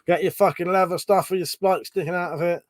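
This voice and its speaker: A man hosting a laid-back live stream with a slightly higher voice, reading viewer comments aloud. He has a cold, so he sniffles and coughs between lines, and he swears and laughs a lot. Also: steady tone, a little fast.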